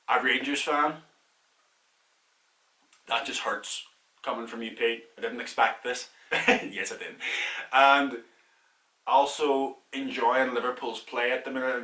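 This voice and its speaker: A man's voice: mid-range voice, a little slow, pauses often, bright, forceful tone, reverberant, recorded from a distance. A young Irish man casually answering viewer questions in a vlog, candid and chatty, laughing at himself.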